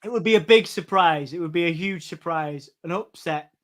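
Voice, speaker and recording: A man co-hosting a casual wrestling watch-along, stammering into restarts and calling the moves as they happen. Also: on the high side. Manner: stammering restarts, quick play-by-play calls. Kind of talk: casual chat with live commentary.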